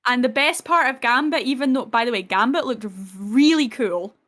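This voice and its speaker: A woman with a slightly high voice chats casually and excitably. She swears freely and retells scenes with a lot of gusto. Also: normal speed. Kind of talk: casual chat.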